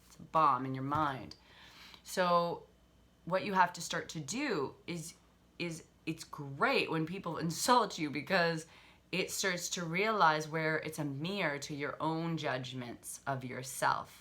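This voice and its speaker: A woman's voice: deep voice, slow pace, pushed and bright. A woman relationship coach giving a casual motivational talk, candid and swearing freely, laughing often as she acts out harsh inner voices.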